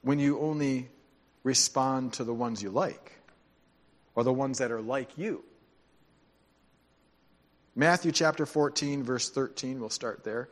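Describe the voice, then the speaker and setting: A man preaching a sermon as pastor, speaking conversationally and dropping into quiet, emphatic asides. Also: mid-range voice, lively intonation, slow, pauses often.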